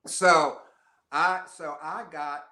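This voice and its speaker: An older man from the United States tells stories as an interview guest, his bright, forceful voice sitting at a middle pitch. He talks in a lively, rambling way, restarting and adding asides. The sound is roomy, with echo around him. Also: very slow. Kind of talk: conversational storytelling interview.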